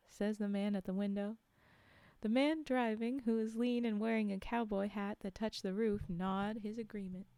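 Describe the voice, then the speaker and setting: A woman reads a story aloud on a livestream and chats with her listeners in between. Her voice is mellow and smooth. The sound is close and dry. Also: medium pitch, dry recording. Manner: relaxed, chatty, with asides.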